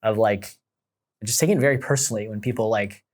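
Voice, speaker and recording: A man's voice: on the low side, fast talker. A man co-hosting a podcast who talks in an open, confessional and searching way. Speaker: podcast co-host. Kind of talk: reflective casual conversation.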